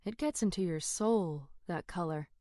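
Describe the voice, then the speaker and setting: A woman narrating a first-person fantasy audiobook in an expressive, dramatic way. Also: on the low side, normal speed, no echo, clean studio sound.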